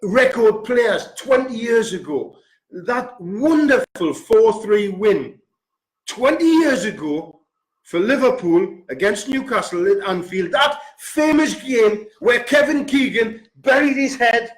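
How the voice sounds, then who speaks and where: Angry fan pundit, slow deliberate swearing rant. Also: male voice, sits high, expressive. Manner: furious, swearing, repeats figures for emphasis. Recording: roomy echo.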